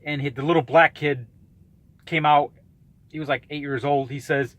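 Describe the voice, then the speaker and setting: A man's voice: a little high, fairly quick, fairly bright tone, no echo. A man in his thirties ranting in a vlog, blunt, combative and profane as he calls out a rival. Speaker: YouTuber calling out a rival.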